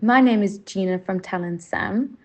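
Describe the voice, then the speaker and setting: A woman with a fairly neutral South African English accent reads a prepared promotional script. Her delivery is clear, professional and easy to follow, pitched at a middle height for a woman. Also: normal speed. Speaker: talent agency representative.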